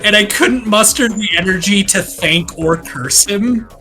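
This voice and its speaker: A man chatting casually during a game session, telling lively stories and acting out other people's lines. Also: sits high, measured pace. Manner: animated storyteller who acts out quoted voices. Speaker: co-host of a gaming let's play. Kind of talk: casual chat.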